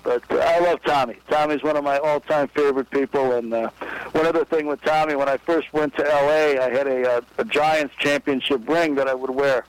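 A man's voice: on the high side, fairly quick, few pauses, clear, resonant tone, no room sound, low-quality recording. A baseball executive telling an anecdote in an interview, acting out the voices of the people he quotes. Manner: lively storyteller, acts out quoted voices.

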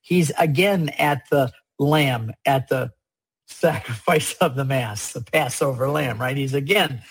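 A guest speaker on religious art explains religious imagery in conversation, using a mid-range, husky voice at a measured pace. He is earnest and emphatic, often repeating his key points, and the recording is rough.

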